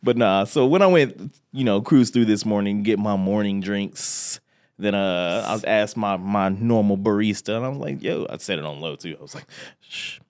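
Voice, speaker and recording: A man's voice: fairly low pitch, normal speed, clean tone. A young man co-hosting a podcast, chatting casually, telling stories with lots of laughter and profanity. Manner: animated, laughing, profane storyteller. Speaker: podcast co-host. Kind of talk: casual chat.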